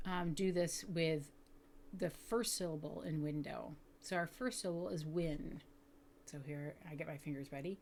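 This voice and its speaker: A woman teaching educators reading techniques, explaining patiently and slowly sounding out words with careful enunciation. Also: deep voice, a little hiss or hum. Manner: clear, deliberate enunciation of sounds. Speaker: literacy teacher. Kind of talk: instructional video for educators.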